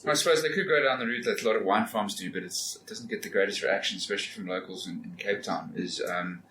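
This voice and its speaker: A man chatting over beer, weighing his points in a thoughtful, measured way. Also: fairly low pitch, pushed and bright. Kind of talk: casual chat over beer. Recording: roomy with clear background noise.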